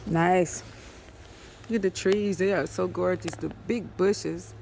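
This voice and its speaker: A woman's voice: fairly low pitch, fairly even intonation, takes it slowly, vocal fry, a little mellow. A woman chatting on a livestream from her yard, cooing and fussing at her dog in a chatty way. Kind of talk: casual live chat. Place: outdoors in a yard. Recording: echoey with long reverb, faint noise.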